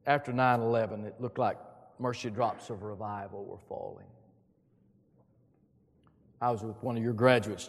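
A middle-aged man preaching a sermon, emphatic, with booming rises when he quotes scripture. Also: a little mellow. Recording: long hall reverb.

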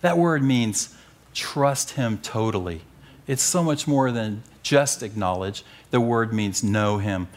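A middle-aged man preaching and teaching from the Bible, animated and joking, pushing key phrases up with emphasis. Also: fairly low pitch, slow. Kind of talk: sermon-style Bible teaching.

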